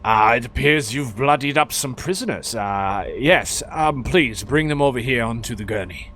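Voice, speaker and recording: A man's voice: mid-range voice, moderate pace, pushed and bright, a little hiss or hum, natural voice. A man voicing a courteous, formal older male prison doctor in a tabletop game.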